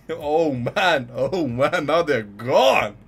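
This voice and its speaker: An excitable man reacting live to an anime episode. His voice sits a bit high and swings widely in pitch. He talks slowly and stretches out his exclamations. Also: husky, soft background music. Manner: excitable, repeats "yo" and "man", bursts into laughs and shouts. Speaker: anime reaction channel host.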